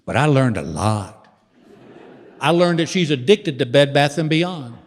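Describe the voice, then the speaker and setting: A man's voice: medium pitch, expressive, measured pace. A man in his sixties doing a stand-up comedy set on stage, a drawling storyteller building to exasperated punchlines. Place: large theater stage. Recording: reverberant hall with faint ambience.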